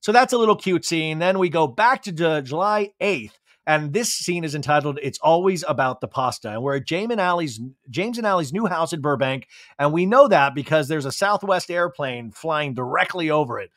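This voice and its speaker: A man's voice: on the high side, lively intonation, normal speed, hardly any pauses, a bit bright, dry recording, clean studio sound. Chatty, sarcastic man recapping TV. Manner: chatty, sarcastic, laughing asides. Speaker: podcast host. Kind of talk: comedic TV recap.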